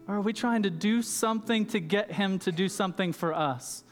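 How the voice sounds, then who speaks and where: A man with a high voice delivers a sermon in a conversational way, with fillers and asides to the crowd. His voice carries a roomy hall reverb, and faint music sits underneath. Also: moderate pace. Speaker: pastor. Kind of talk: sermon with storytelling.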